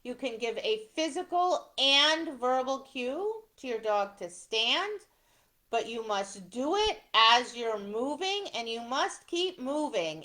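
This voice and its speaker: Middle-aged woman instructor, slightly high voice, slow and deliberate, walking through ring procedure and checking in with "right?". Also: pushed and bright. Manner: explains step by step, often adds "right?". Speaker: dog obedience instructor. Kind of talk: instructional talk.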